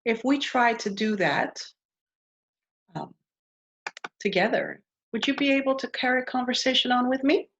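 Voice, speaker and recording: A woman's voice: on the high side, moderate pace, pauses often, fairly bright tone, slight background noise. A woman teaching a beginner language lesson, patiently modeling phrases and asking the listener to repeat them. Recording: dull lo-fi sound.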